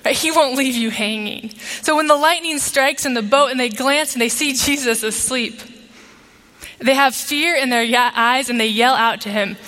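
A woman's voice: high voice, moderate pace, bright, forceful tone. Woman pastor preaching in a reverberant sanctuary. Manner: engaging, asks the congregation questions. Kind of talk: sermon. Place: church sanctuary. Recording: long reverb of a large sanctuary.

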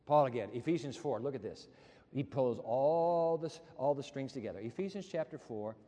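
Animated preacher in a reverberant hall. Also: male voice, normal speed. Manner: animated, acts out voices and quotes with big pitch jumps. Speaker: pastor. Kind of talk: sermon. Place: church sanctuary with balcony.

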